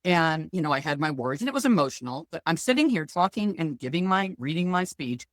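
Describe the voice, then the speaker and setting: Blunt, lively woman telling stories. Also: low-pitched, brisk, no echo. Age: middle-aged. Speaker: guest, financial planner. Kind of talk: casual interview talk.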